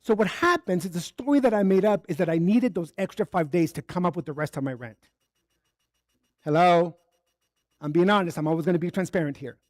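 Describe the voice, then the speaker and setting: A man's voice: high voice, a little mellow, no room sound, studio quality. A man giving a candid, conversational sermon built on personal stories at a spiritual center service, acting out the dialogue as he goes. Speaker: spiritual speaker.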